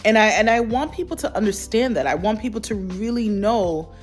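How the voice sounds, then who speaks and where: A woman's voice: medium pitch, animated, a little fast, faint music behind. A woman vlogger speaking candidly to camera in an earnest, reflective way, often repeating phrases for emphasis. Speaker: lifestyle vlogger.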